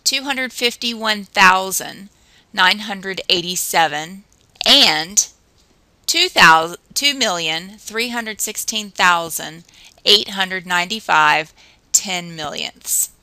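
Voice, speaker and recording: A woman teacher narrating a recorded math lesson, explaining patiently and counting through drills slowly. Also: medium pitch, bright, forceful tone, no echo, rough recording.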